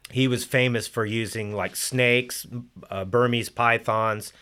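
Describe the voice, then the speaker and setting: A man's voice: medium pitch, fairly even intonation, unhurried, pushed and bright, clear, resonant tone. Older man rambling through stories. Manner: rambling, full of fillers and restarts. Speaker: musician guest. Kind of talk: casual storytelling.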